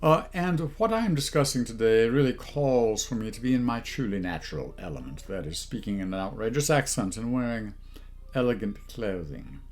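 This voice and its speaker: A man's voice: lowish voice, lively intonation, normal speed. A man hosting a comedy channel, talking down to his viewers in a haughty, put-on posh voice as a mock-pompous monologue.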